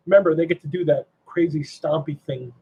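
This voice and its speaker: A man hosting a casual livestream chat, animated and asking himself rhetorical questions. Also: on the high side, breathy edge, muffled recording. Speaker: stream host.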